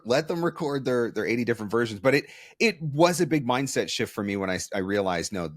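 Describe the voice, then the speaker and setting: A man's voice: lowish voice, no room sound, clean studio sound. A man hosting an interview, talking candidly and with self-deprecating humor. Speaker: podcast host. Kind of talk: conversational interview.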